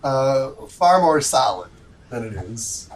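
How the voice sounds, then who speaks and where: A man's voice: mid-range voice, sing-song, slow pace, a loud crowd, rough recording. A man hosting a livestream, giving rambling, chatty commentary to viewers while he plays a golf game. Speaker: livestream host. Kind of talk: casual gameplay commentary.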